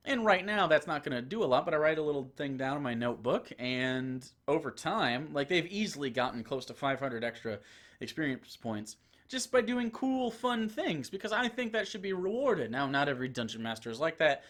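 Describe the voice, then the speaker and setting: Young male host, casual advice talk, higher-pitched and very animated delivery. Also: brisk. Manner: animated, chatty, self-correcting. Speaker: video host and dungeon master.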